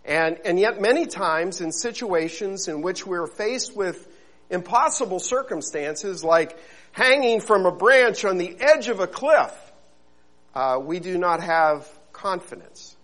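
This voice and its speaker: A male pastor preaching to his congregation in an earnest, conversational way, often pausing with fillers and restarting his phrases. His voice sits fairly high and sounds bright and forward. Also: expressive, poor audio. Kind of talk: sermon with opening prayer.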